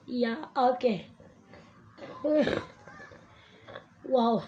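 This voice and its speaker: Slow-talking high-voiced woman. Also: dull audio. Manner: chatty, laughing at herself, distracted. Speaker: live streamer. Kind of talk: casual live stream chat.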